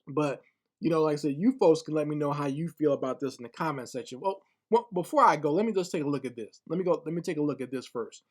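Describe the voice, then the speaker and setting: A man's voice: a little high, fast. A man giving casual spoken commentary online, blunt and scornful, often repeating words as he gathers his thoughts.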